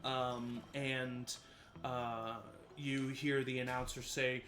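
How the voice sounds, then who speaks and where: A man's voice: medium pitch, level tone, slow pace, fairly bright tone, a little hiss or hum. A man narrating a tabletop game as game master, with many ums and uhs and easy laughter. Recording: faint music in the background.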